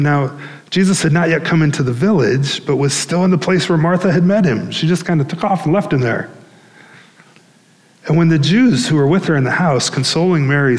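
A man's voice: fairly high pitch, big-room sound, poor audio. A male pastor preaching a sermon in a conversational way, with fillers and restarts.

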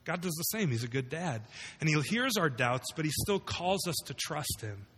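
A man's voice: on the high side, sing-song, moderate pace, fairly bright tone, slightly rough, long reverb tail. A man preaching a sermon to a room of listeners, conversational and full of rhetorical questions. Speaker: pastor. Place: large room with congregation.

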